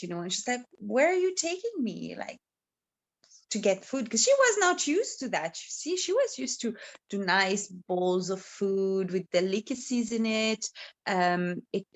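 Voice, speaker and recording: A woman's voice: fairly high pitch, fairly bright tone. A woman casually telling a story, rambling with many fillers and giggles.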